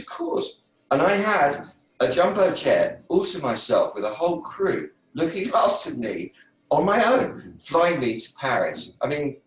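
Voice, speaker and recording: A man hosting an online meeting, telling a personal story in a casual, animated way and acting out his own thoughts. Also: medium pitch. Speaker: host. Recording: roomy sound from a distant mic.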